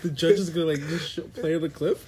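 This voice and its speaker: A man's voice: a little high, quick pace. Wry young man with crowd noise. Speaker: podcast guest. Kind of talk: casual chat.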